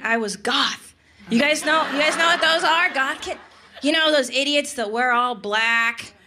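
A woman's voice: high voice, sharp tone. Sarcastic woman stand-up in her thirties. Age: 30s. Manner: chatty, sarcastic, full of "like" and "right?". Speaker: stand-up comedian. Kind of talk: stand-up comedy set. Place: comedy club stage. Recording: live club with audience noise.

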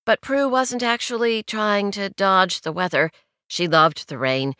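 A woman narrating a novel in a measured, wry storytelling manner, recorded on a studio mic. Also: mid-range voice, expressive, pushed and bright, clean tone, dry recording. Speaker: audiobook narrator. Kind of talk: scripted narration.

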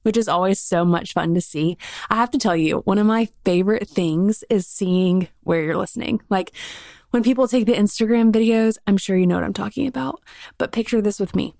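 A woman's voice: medium pitch, a little fast, creaky, darkish tone, no room sound. A woman with a Southern US accent hosting her podcast alone, chatting in a bubbly, filler-heavy way into a studio microphone. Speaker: podcast host. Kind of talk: solo casual podcast chat.

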